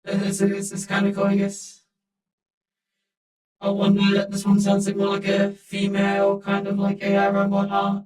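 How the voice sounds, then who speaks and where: A man through a voice changer as a flat female robot. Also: sits high, a little slow, roomy sound, soft background music, pitched above the performer's own voice, poor audio. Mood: robotic. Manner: monotone robotic delivery.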